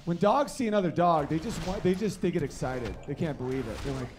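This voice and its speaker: Stand-up comic, male, from the Northeast US, animated delivery with sudden high character bits; noisy live recording. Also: fast. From Northeast United States. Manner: animated, acts out dog voices in high excited shouts. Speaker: stand-up comedian. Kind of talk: stand-up comedy set.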